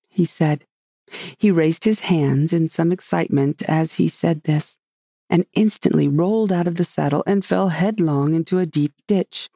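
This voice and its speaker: A reader narrating a classic storybook in a steady, measured way. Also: medium pitch, gravelly, dry recording, studio quality.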